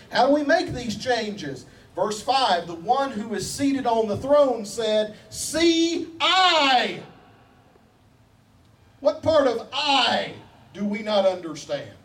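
High-voiced preacher, distant and emphatic. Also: male voice. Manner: emphatic, rhetorical questions and repetition; folksy humor. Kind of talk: sermon. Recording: distant mic with faint background noise.

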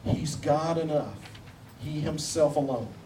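A high-pitched man preaches a sermon, pressing his point with rhetorical questions and repeated phrases, with a folksy joke now and then. He sounds set back from the mic, with a faint hum of background noise. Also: slow, recorded from a distance. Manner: emphatic, rhetorical questions and repetition; folksy humor.

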